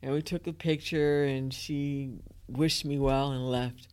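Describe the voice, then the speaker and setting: A woman in her thirties, a guest in an interview, telling a personal story in a lively way and acting out her own thoughts and other people's words. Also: rumbling low, a little slow, clean tone. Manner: lively, acts out inner thoughts and quotes.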